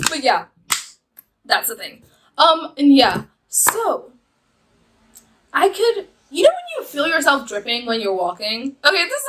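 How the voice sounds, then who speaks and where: A young woman vlogs to camera, telling rambling stories packed with fillers and giggles. Her voice is fairly high with a sharp tone, and the recording is rough.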